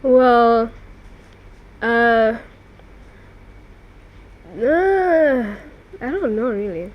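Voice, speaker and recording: A young woman with a high voice, the guest in a relaxed chat. She pauses and thinks aloud before she answers. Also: muffled recording. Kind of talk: casual chat.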